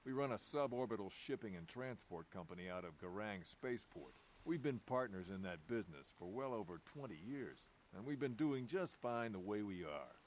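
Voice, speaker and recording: A man plays a steady game character who runs a shipping business, his voice somewhat low and plain. He talks in a matter-of-fact way with a faint hum behind him. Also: normal speed, few pauses, lightly acted. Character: calm middle-aged male shipping businessman.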